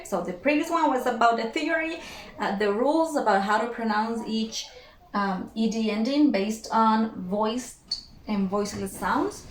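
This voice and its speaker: A woman English teacher explaining pronunciation, slowly repeating each word and checking in with "okay?". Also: fairly high pitch, slight background noise. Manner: repeats words slowly for drilling, frequent "okay?". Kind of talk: slow explanatory lesson. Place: room with whiteboard. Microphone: camera at a distance. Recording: echoey room, far from the mic.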